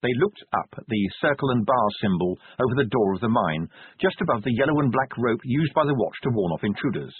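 A man narrating an audiobook in a measured, wry manner. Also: mid-range voice, lively intonation, breathy edge. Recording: tinny phone-like band, dry.

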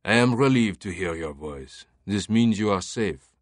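Audiobook villain: a male narrator doing a quiet, deliberate French-accented mastermind. Deep, dry read. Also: animated, dry recording. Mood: hushed, commanding. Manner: hushed, low and deliberate, sometimes whispering. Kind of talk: audiobook character voice.

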